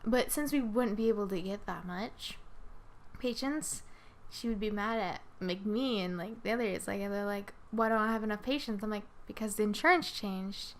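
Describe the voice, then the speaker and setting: A woman's voice: mid-range voice, normal speed. A woman hosting a podcast in casual chat, telling long, rambling stories full of swearing and acted-out quotes. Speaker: podcast host.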